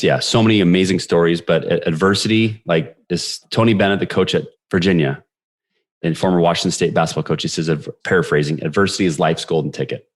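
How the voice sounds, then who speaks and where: Brief: very low-voiced man, forties, lively storyteller guest. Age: 40s. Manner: energetic, animated retelling with quoted voices. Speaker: podcast guest. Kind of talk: storytelling interview.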